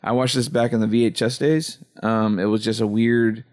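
A man's voice: fairly low pitch, flat delivery, moderate pace, a little mellow. A man hosting a casual movie podcast, rambling and swearing, with many fillers.

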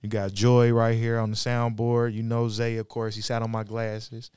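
A man co-hosts a podcast in a relaxed, slangy way, and his talk turns heartfelt. His voice is smooth and clear, and it sits close and dry on the mic with no room sound. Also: mid-range voice, normal speed, no echo. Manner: laid-back, slangy, heartfelt. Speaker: podcast co-host. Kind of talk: casual chat.

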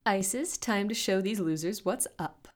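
A woman's voice: mid-range voice, normal speed, pitched above the performer's own voice, lightly acted. A woman voicing a bossy, mocking teenage witch villain in a storybook reading. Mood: taunting. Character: taunting teen witch girl, villain.

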